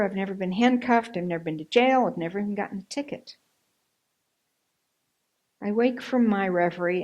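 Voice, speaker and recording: A woman's voice: mid-range voice, rough recording. A woman minister preaching a sermon in a church, telling a personal story in an earnest way and acting out the dialogue she quotes. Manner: hushed, whispered recitation of a poem. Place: church sanctuary.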